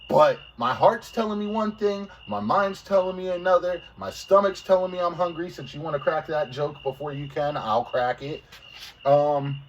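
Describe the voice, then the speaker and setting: A man's voice: fairly high pitch, lo-fi sound. A man co-hosting a casual sports podcast, joking and blunt, cursing casually. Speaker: podcast co-host. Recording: distant mic with faint background noise.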